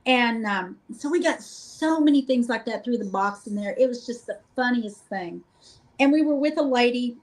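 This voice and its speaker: A middle-aged woman guest, telling lively, joking stories about a paranormal investigation in a casual chat. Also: on the high side, normal speed, poor audio. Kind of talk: casual storytelling.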